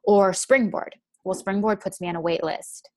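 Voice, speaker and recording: A woman's voice: medium pitch, fairly even intonation, normal speed, a little mellow, no echo. Chatty young woman telling her story. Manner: chatty, fills speech with "like". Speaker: guest. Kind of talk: personal storytelling.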